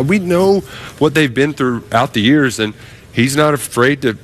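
Lively, animated male sports reporter. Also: mid-range voice, moderate pace, a little hiss or hum. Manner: animated, bold and playful. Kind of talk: casual sports talk radio.

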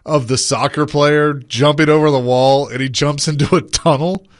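A man hosting a sports radio show, relaxed and humble in casual chat. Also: on the high side, normal speed, no echo.

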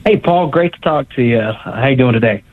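A man's voice: medium pitch, animated, a little fast, a little hiss or hum. A man calling into a sports radio show, polite and earnest with hesitant ums. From Northeast Tennessee. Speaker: caller. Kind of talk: call-in radio question. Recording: tinny phone line.

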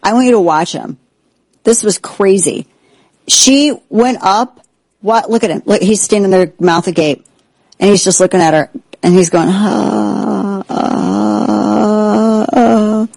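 A woman's voice: mid-range voice, moderate pace, pauses often, a little mellow, no room sound, low-quality recording. A woman hosting a political talk show, delivering indignant, sarcastic commentary.

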